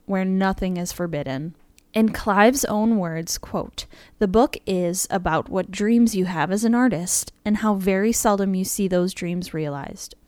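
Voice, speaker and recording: A woman's voice: mid-range voice, darkish tone, smooth, no room sound. A woman co-hosting a podcast, reading a prepared script and breaking off now and then with laughing asides. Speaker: podcast co-host.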